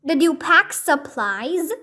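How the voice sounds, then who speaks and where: A woman voicing an excited, energetic young girl who calls out eagerly. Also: high-pitched, takes it slowly, a little hiss or hum, full character voice.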